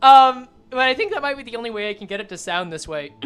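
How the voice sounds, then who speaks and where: A woman's voice: fairly high pitch, expressive, clear, resonant tone, faint music behind. A woman streamer reading game text aloud and commenting casually, swearing and joking as she goes. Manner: casual, swearing, quick jokes.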